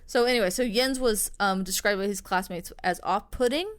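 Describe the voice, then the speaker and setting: A woman's voice: mid-range voice, fairly quick, smooth. A woman co-hosting a podcast, telling a true-crime story in a loose, rambling way, full of "like" and "um" and casual swearing. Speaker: podcast co-host.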